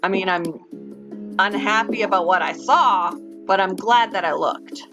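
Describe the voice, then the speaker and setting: A woman live-streaming a puzzle game, venting and sighing as she chats with viewers. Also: mid-range voice. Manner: upset and venting, sighing, talks slowly. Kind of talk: casual live-stream chat while doing a puzzle. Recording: dull lo-fi sound with music behind. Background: background music.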